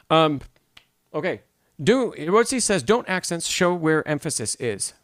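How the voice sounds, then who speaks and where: A man's voice: fairly high pitch, big pitch swings, moderate pace, no room sound, clean studio sound. A man teaching piano in a live-streamed masterclass, explaining notation, answering chat questions and singing rhythms aloud.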